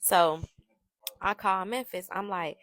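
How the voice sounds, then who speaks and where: A woman tells a storytime in a brash, profane, animated way. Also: mid-range voice, slow pace, no echo. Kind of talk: casual storytime.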